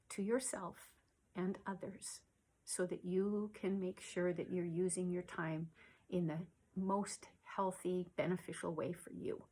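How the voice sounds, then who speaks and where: A soft-spoken woman talks slowly and gently, giving self-care advice to the camera. Her voice is breathy and husky, and she often drops almost to a whisper between unhurried pauses. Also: lowish voice.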